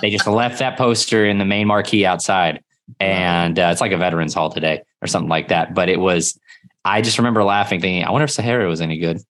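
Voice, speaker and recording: Male podcast co-host, low voice, loose and chatty with fillers. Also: fairly even intonation, fast. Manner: rambling, filler-heavy, loud bursts when quoting yells. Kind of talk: casual chat.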